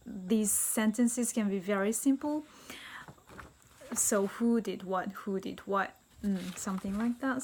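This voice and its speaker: A woman teacher explaining an interview test to tutors, reading sample passages aloud in a careful, instructional way. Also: medium pitch. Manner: slow, careful, reads example passages aloud. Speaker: English teacher briefing tutors. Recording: faint background noise.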